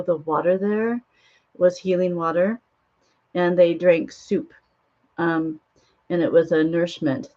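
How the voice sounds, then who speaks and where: A woman's voice: lowish voice, a little mellow. A woman casually retelling a spiritual film in a rambling way, with many ums and restarts. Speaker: spiritual author and host. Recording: dull lo-fi sound.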